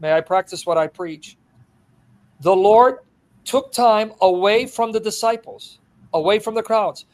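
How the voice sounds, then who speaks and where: Delivering an expository sermon a little slowly, this high-voiced male preacher is highly animated. He breaks into laughter, dramatizes the stories he recounts, and alternates excited loud outbursts with hushed asides.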